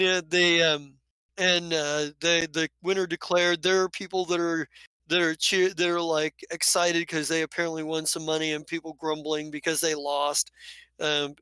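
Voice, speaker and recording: A man running a tabletop game as game master, describing scenes in a loose, rambling way. His voice is bright and clear, a little raised in pitch, and recorded dry and close. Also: no room sound.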